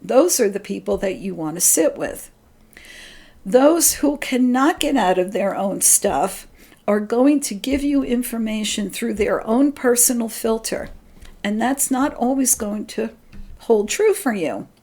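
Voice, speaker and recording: Gentle earnest woman teaching spirituality. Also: fairly high pitch, animated, measured pace. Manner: gentle, earnest, quotes her inner voice in a lighter tone. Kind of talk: channeled spiritual talk.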